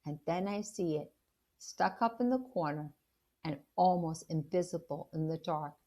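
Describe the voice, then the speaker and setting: A woman, a teacher, reading a children's novel aloud in an animated storytelling way and stopping to ask the listener questions about the story. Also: low-pitched, normal speed.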